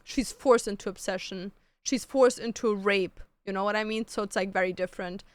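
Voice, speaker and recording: A woman's voice: mid-range voice, steady tone, fairly quick, no echo. A woman streamer chatting casually with her chat, gushing about books and shows and swearing freely. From Canada.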